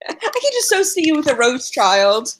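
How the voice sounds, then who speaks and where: A woman co-hosts a podcast in casual chat, playful and quick to laugh and agree. Her voice is high and swoops lively up and down. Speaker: podcast co-host.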